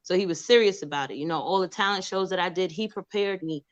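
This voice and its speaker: A woman's voice: on the low side, quick pace, highs cut off. A woman from New York, an actress and producer, telling stories in a casual interview and acting out the voices of the people she quotes. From New York, USA. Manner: animated, acts out quoted voices.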